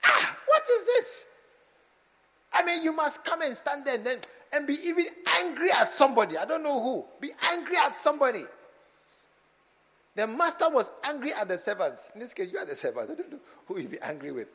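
A fiery male pastor preaching with a high, very lively voice that leaps between hushed asides and shouted urging. His sermon rings with the long reverb of a church hall. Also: brisk. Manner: fiery, swinging from soft asides to shouted exhortation.

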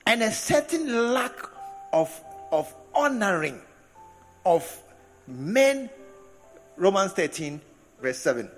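Animated preacher in an echoey hall. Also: male voice, high-pitched, takes it slowly, pauses often, soft background music. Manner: animated, laughing asides, stretched emphasis. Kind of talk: sermon. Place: large hall with congregation.

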